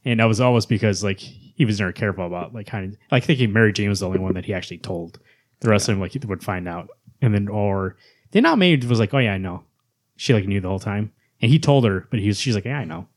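Fast-talking man in casual podcast chat. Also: on the low side. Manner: fast, animated, swears casually. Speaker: podcast co-host.

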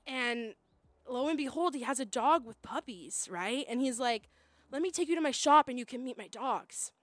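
A young woman tells a story in a lively, animated way, jumping into the voices of the people she quotes. Her voice sits high, and the sound is dry and close, with no room around it. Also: no echo. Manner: animated, acts out quoted voices, laughs often. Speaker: guest storyteller. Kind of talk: casual storytelling chat.

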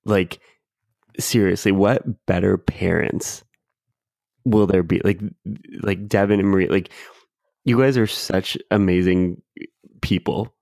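A man's voice: low voice, fairly even intonation, slow, vocal fry, pauses often, a little mellow, no echo, clean studio sound. A young man, co-hosting a casual podcast, laid-back and swearing casually. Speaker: podcast co-host.

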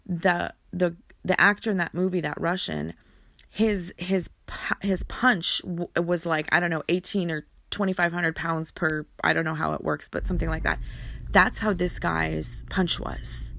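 Gravelly low-voiced woman telling her story. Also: steady tone, fairly bright tone, no echo. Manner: halting, repeats words, many fillers. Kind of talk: personal storytelling.

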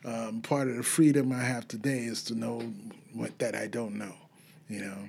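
A man's voice: medium pitch, flat delivery, moderate pace, gravelly, a little mellow, slight background noise. A man speaking frankly and bluntly about his drinking past in a casual podcast chat, laughing easily.

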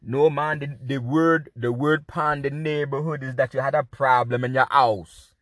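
A man's voice: mid-range voice, steady tone, normal speed, a bit bright, no room sound, clean studio sound, lightly acted. A man putting on a Caribbean accent to play his nosy, friendly male neighbor. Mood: insistent.

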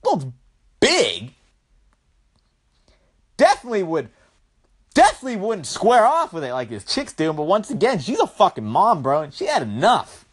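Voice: mid-range voice, wildly swooping pitch, moderate pace, long pauses, husky. A young adult vlogger casually recapping a horror movie in a rambling, profane, slangy way.

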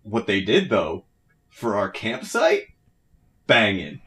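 Male podcast co-host, lively storyteller, casual basement chat among friends. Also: on the low side, slow. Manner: animated storytelling, laughs often. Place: home basement.

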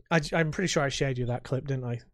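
A man's voice: mid-range voice, dry recording. Rambling man on a dry podcast mic. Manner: rambling, halting, with frequent restarts and laughs. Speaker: podcast co-host. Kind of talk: casual chat.

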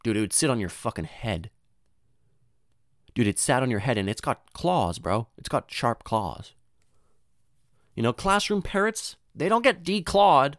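A man's voice: medium pitch, very animated, measured pace, pauses often, a bit bright, no echo, clean studio sound. A young man rambling through a profane, slangy story in casual monologue, often jumping into voices for the people in it.

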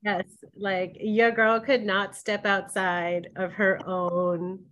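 Chatty, animated woman podcast co-host. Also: medium pitch, slow pace, lo-fi sound. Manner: animated storytelling, frequent "like" fillers, bursts of laughter. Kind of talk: candid conversational chat.

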